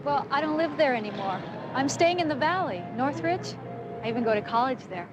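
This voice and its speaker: A woman's voice: sits high, lively intonation, a little fast. Frightened young woman. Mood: defensive. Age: young adult. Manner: pleading, defensive, rising to shouting. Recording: old TV drama with music behind.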